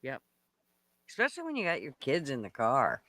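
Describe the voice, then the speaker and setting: A man's voice: medium pitch, wildly swooping pitch, fairly quick, bright, forceful tone, no echo, clean studio sound. A man co-hosting a casual podcast, talking thoughtfully and often chiming in with short agreement. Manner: thoughtful, agreeable, frequent back-channel replies. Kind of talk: casual chat.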